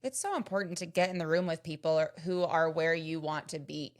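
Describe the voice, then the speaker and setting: A woman's voice: low-pitched, steady tone, fairly quick. A woman co-hosting a podcast, giving encouraging advice in casual chat. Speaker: podcast co-host.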